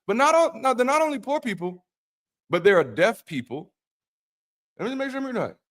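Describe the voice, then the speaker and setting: A middle-aged ex-pastor hosts an irreverent Bible commentary in a very high-pitched voice, talking a little fast. He's profane and animated, swinging between mock-preacher solemnity and incredulous outbursts.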